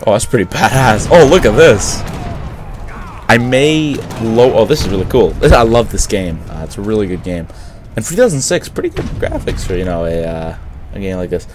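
Young man, let's-play commentary, low voice, chatty, self-deprecating. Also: sing-song, normal speed, a little hiss or hum. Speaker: gaming host.

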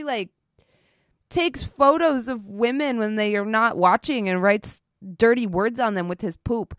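A woman's voice: on the high side, unhurried, dry recording. A woman streaming, chatting casually with her viewers while doing her makeup, telling a story animatedly and swearing often.

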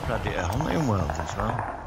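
A man's voice: lowish voice, sing-song, moderate pace, music in the background, low-quality recording. A man co-hosting a podcast, telling a long, rambling story in casual chat, with swearing and sound effects. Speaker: podcast co-host.

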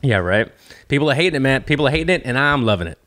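Brief: male co-host, quick, opinionated talker, mid pitch. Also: expressive, a bit bright. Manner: rapid, opinionated and chatty. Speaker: podcast co-host. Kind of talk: casual podcast chat.

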